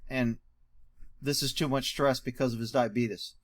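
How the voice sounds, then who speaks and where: A man's voice: medium pitch, fairly even intonation, moderate pace, a little hiss or hum. A man giving opinionated, sarcastic commentary on a video clip. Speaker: commentator host.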